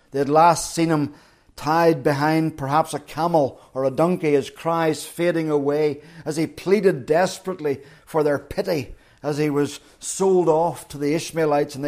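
A man's voice: on the high side, darkish tone. A middle-aged man preaching a sermon, retelling a story dramatically and acting out the quotes.

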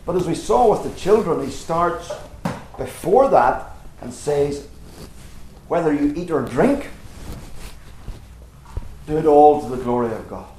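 A man's voice: a little high, lively intonation, unhurried, long pauses, a little mellow, echoey room, poor audio. A man preaching a sermon in a church, earnest and emphatic, asking rhetorical questions.

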